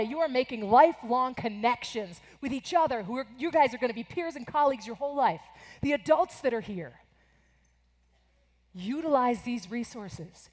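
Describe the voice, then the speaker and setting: An American woman in her forties giving an energetic, animated motivational keynote to students in a large conference hall. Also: on the high side. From United States. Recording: echoing convention hall.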